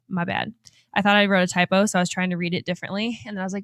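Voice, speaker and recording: A woman in her twenties hosting a motivational podcast as a life coach, upbeat and animated, laughing often. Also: mid-range voice, fast talker, no room sound, clean studio sound. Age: 20s.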